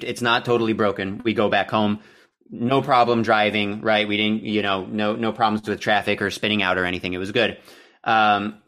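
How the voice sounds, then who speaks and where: A man's voice: on the low side, fairly bright tone. Profane, exasperated young man telling a story. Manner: profane, self-deprecating, exasperated. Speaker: podcast co-host. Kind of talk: casual storytelling rant.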